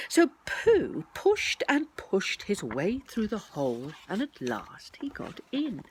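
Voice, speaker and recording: A woman reading a children's story aloud in a slow, expressive storybook manner. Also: mid-range voice, slight background noise.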